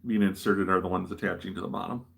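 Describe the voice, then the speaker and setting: A Midwestern American livestream host talks fast while building a model, rambling casually and poking fun at himself. His low, gravelly voice has a flat delivery, a slightly bright quality, and a breathy edge.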